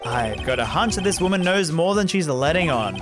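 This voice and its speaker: A probing young male defense lawyer, read out by a man. The voice sits fairly high and swings up and down a lot, with game music clear in the background. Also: sing-song, brisk. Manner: reading game text aloud.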